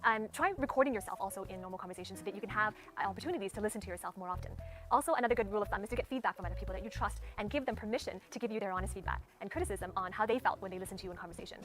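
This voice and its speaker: A woman coaching viewers on how to speak well, in a clearly enunciated teaching delivery. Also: mid-range voice, very fast, fairly bright tone, faint music behind. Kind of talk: instructional talk to camera.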